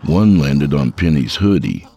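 Very deep, gravelly male horror narrator. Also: big pitch swings. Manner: measured, dark storytelling. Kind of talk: scripted narration.

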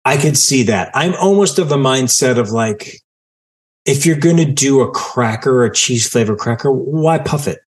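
A man's voice: mid-range voice, normal speed. A man co-hosting a podcast in casual chat, riffing and joking over a video call. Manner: jokey, animated, riffing. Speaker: podcast co-host.

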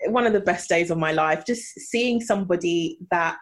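A woman's voice: lowish voice, normal speed. A young woman from the UK, a podcast guest and author, telling emotional stories with lots of laughter. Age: young adult. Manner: gushing, laughs often, emotional storytelling. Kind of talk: candid interview chat.

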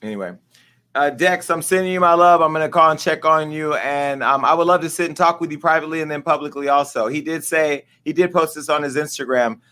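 A man's voice: fairly high pitch, brisk, sharp tone. A middle-aged man hosting a casual commentary show, talking candidly and emotionally straight to his viewers. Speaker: host.

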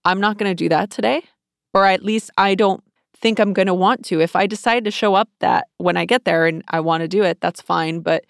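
A woman's voice: fairly low pitch, steady tone, brisk, gravelly, clean tone, dry recording, clean studio sound. A woman co-hosting an advice chat, talking earnestly and coaching through feelings. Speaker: co-host giving advice.

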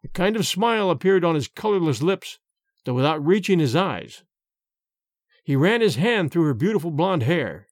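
A man narrating a story in a measured, expressive way. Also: on the high side, dry recording, clean studio sound. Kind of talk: storytelling reading.

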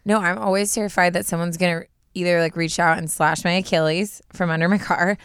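Young woman podcast co-host, casual storyteller, smooth voice, dry close sound. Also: on the low side, fairly even intonation, fairly quick, fairly bright tone, no echo. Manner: chatty, lots of "like" fillers. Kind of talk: casual chat, retelling a scary story.

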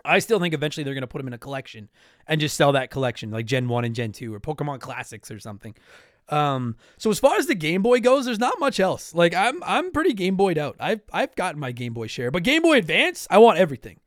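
A Canadian podcast host answers listener mail in casual chat, rambling, cutting himself off mid-sentence and apologizing. His fairly high voice is sing-song and quick, recorded dry with clean studio sound.

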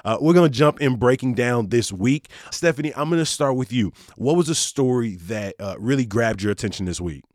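A man's voice: medium pitch, fairly quick, hardly any pauses, dry recording, studio quality. A man hosting a local news podcast in an easygoing, casual way. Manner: relaxed, easygoing, says y'all and uh often. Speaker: podcast host.

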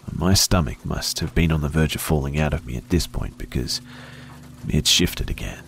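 A man slowly narrating a first-person horror story in a hushed voice that often drops to a whisper. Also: very deep voice, creaky.

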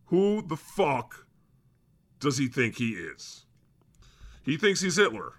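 A man's voice: fairly high pitch, very animated, slow pace, full character voice. A man playing a cranky, swearing God. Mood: irritable, sarcastic. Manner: grumbly and sarcastic, swears often. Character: God as a cranky, foul-mouthed male podcast host. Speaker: host. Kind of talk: improvised comedy podcast chat.

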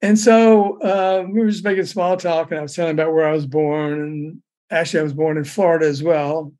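Older man, casual storyteller, rambling, laughs often, slightly higher voice. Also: steady tone, brisk, darkish tone. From raised in Memphis. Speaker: storyteller guest. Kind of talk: casual anecdote telling.

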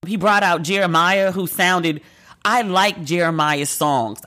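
A woman's voice: lowish voice, a little slow, sharp tone. A woman host in casual chat, telling candid, profane stories with playful acted asides. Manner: candid, profane, gossipy storytelling.

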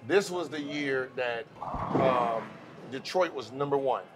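A man's voice: mid-range voice, slow, over loud music. A man hosting a casual podcast chat, telling stories with energy and acting out the voices of the people he quotes. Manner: animated storyteller who acts out quoted voices. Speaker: podcast host.

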